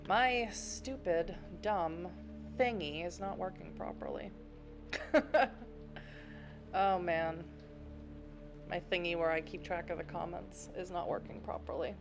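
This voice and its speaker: Woman, streamer, reads story game aloud, chatty asides, self-deprecating, low-ish pitch. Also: normal speed, music in the background. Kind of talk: reading a visual novel game aloud with chat asides.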